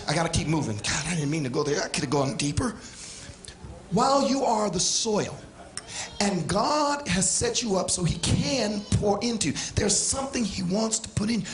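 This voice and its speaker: A man preaching a sermon with passion, swinging from shouts down to quiet asides. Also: high voice, echoey room. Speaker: pastor. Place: church sanctuary.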